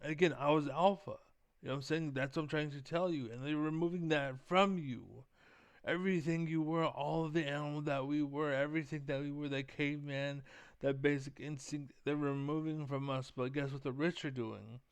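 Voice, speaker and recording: A man's voice: fairly high pitch, steady tone, a little fast, smooth, no room sound. A young man vlogging in a heated, profane, rambling rant full of fillers. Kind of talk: casual rant to camera.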